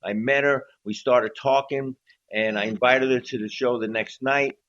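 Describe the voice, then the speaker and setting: A man's voice: medium pitch, moderate pace. A man in his sixties, a drummer telling stories as an interview guest and acting out quotes as he goes. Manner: animated storyteller acting out quotes. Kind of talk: storytelling interview. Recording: slightly dull lo-fi audio.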